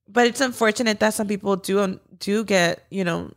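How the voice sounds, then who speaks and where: A woman's voice: medium pitch, brisk, vocal fry. A young woman co-hosting a podcast, chatting casually. She tells her story with animation and swears freely. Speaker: podcast co-host. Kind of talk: casual chat.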